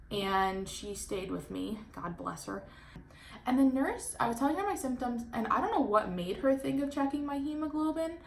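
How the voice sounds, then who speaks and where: A woman in her twenties telling a casual storytime vlog, chatty and animated, full of "like" fillers. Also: fairly high pitch, creaky, slight background noise. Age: 20s. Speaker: vlogger.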